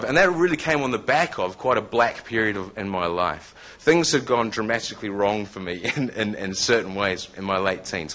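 Here a man in his thirties, Scottish by birth but with a New Zealand accent, shares a conversational testimony before a live audience, adding jokey asides. His voice is medium-pitched and fairly bright.

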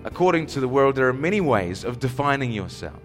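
A man's voice: medium pitch, sing-song, fairly quick, soft background music. A man addressing an audience, asking rhetorical questions and repeating key phrases for emphasis. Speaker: speaker.

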